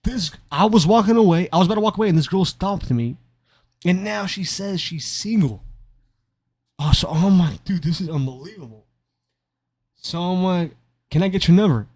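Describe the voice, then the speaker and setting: A young man chats his way through a long personal story while commenting on gameplay, tripping over his words and poking fun at himself. His voice sits a little high for a man, and the sound is dry and close, with no room around it. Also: expressive, moderate pace, a little mellow, no echo. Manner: rambling, stammering, self-mocking. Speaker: gaming commentator.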